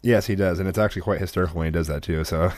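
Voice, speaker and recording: A man's voice: low-pitched, fairly even intonation, racing, darkish tone, no room sound. A young man hosting a podcast in casual chat, rambling and laughing, with frequent restarts. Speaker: podcast host. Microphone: podcast microphone.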